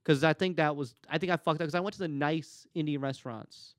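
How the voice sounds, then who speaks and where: A male comedian from Los Angeles hosting a casual podcast, animated and profane, acting out quoted people as he talks. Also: on the high side, fast, no echo, studio quality.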